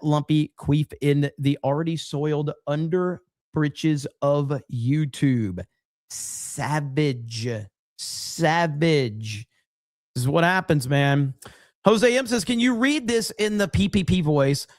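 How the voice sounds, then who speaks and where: Upbeat higher-voiced male streamer. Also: a little mellow, dry recording, clean studio sound. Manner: upbeat, thanks viewers by name, quick asides. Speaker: livestream host reading super chats. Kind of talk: casual livestream chat.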